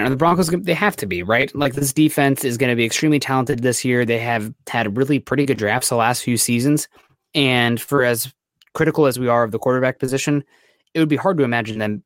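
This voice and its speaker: A man co-hosting a casual sports podcast, giving quick analytical takes peppered with "right?" and "like". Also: mid-range voice, fairly bright tone, no echo, studio quality. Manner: fast, analytical, lots of "right?" and "like". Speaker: podcast co-host.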